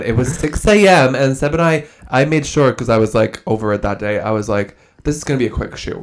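A man, co-hosting a podcast in casual chat, animated and joking with quick asides. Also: medium pitch. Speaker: podcast co-host.

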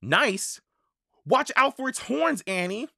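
A reader doing a careful, bookish boy from a storybook, worried and a little bossy. The voice is bright and dry-sounding, with lively rises and falls, as the storyteller puts him on. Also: medium pitch, slow, dry recording, full character voice. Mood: anxious. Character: cautious bookish young boy. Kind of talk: children's audiobook reading.

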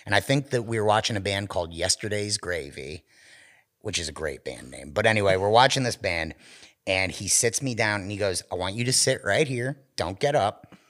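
A podcast co-host tells a story in casual chat, animated and heavy on the swearing, doing the voices of the people involved. His voice is lowish and a little fast.

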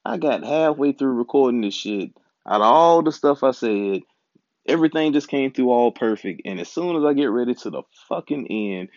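A man's voice: mid-range voice, animated, moderate pace, a little mellow, no echo. Frustrated, cursing man ranting. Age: adult, married. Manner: frustrated, profane, rambling. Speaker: podcast host. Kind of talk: casual ranting monologue. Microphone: home recording setup. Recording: dull, dry lo-fi home recording.

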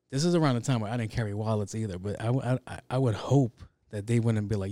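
A man's voice: lowish voice, fast talker, dark tone, no echo. Profane, joking man telling a story. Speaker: podcast host. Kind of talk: casual storytelling. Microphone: handheld studio mic.

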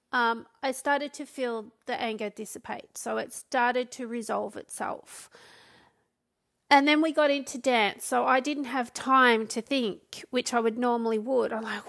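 Aussie lady coach chatting on her podcast, bit high, lots of fry, restarts a lot. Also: fairly bright tone. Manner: conversational, with restarts and acted quotes. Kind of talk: solo podcast talk.

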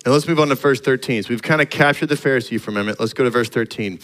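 A man's voice: medium pitch, rapid-fire, hardly any pauses, a bit bright, rough recording. A middle-aged male pastor preaching a sermon in a conversational way, acting out little dialogues and rising to emphatic points.

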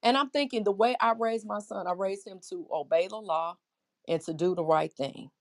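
A woman's voice: mid-range voice, moderate pace. A middle-aged woman preaching a Bible lesson in an impassioned, conversational way, often putting questions to her listeners.

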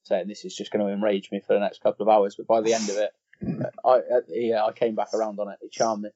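A man's voice: fairly low pitch, level tone, quick pace, warm tone, muffled recording. A man chatting casually on a film podcast, rambling and restarting his sentences. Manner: rambling, repeats himself. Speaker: podcast co-host. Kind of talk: casual chat.

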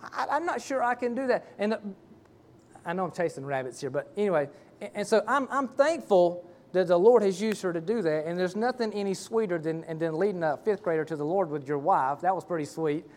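A middle-aged man preaches from the pulpit. His voice sits high for a man. He tells his story in a folksy, rambling way, full of restarts and asides. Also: lively intonation, a little fast, darkish tone. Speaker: pastor. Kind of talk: sermon with personal story.

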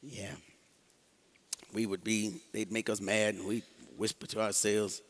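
A man's voice: fairly low pitch, moderate pace, in a large hall. A male pastor preaching a sermon, talking with the congregation and laughing often. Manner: animated, laughing, call-and-response with the congregation.

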